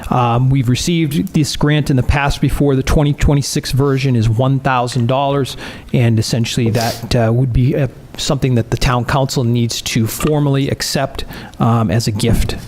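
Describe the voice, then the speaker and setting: A man's voice: medium pitch, steady tone, normal speed, darkish tone, a little hiss or hum. A man speaks as town administrator before a council. He explains the item hesitantly, with frequent fillers between his phrases. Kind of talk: presenting an agenda item.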